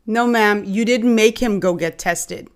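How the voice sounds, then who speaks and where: A woman's voice: medium pitch, measured pace. A woman with a Bahamian accent hosting and commenting frankly, speaking straight to her viewers. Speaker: host reacting to a clip.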